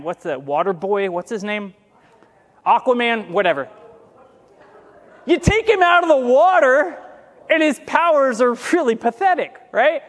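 High-voiced pastor preaching in a hall. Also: male voice. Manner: conversational preaching with asides, slowing for scripture. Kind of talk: sermon.

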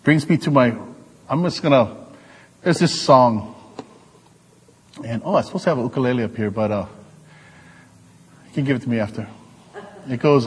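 A male preacher giving an animated, joking sermon to his congregation. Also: medium pitch, normal speed, pauses often, breathy edge, in a large hall. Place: church hall.

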